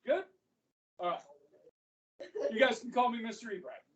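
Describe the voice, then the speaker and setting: A man's voice: extremely high pitch, normal speed. A middle-aged man teaching history to a class, chatty, who keeps checking in with "okay?". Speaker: high school history teacher. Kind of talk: classroom lecture. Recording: echoey classroom from far off.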